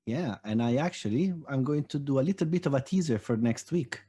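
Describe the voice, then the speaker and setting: A man co-hosting a podcast in casual chat, enthusiastic and a little halting. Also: mid-range voice, animated, dark tone, slightly rough. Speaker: podcast co-host.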